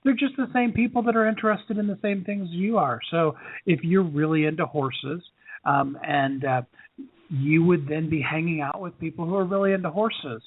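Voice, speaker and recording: Male podcast host, slightly high voice, folksy conversational talk, dry tinny sound. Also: normal speed, slightly rough, no echo. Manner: folksy, earnest, asks guest questions. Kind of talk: conversational interview. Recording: tinny phone-like line.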